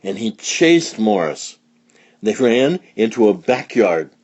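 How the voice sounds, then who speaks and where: Slow, husky-voiced man reading a kids' story. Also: on the low side. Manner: slow, expressive read-aloud delivery. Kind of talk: children's read-along narration. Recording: dull lo-fi recording.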